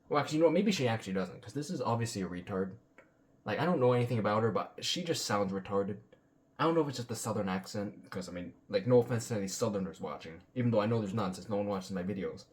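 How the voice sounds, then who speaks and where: A man's voice: lowish voice, lively intonation, fast talker. A man hosting a reaction video, ranting bluntly and sarcastically with plenty of swearing. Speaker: commentary channel host.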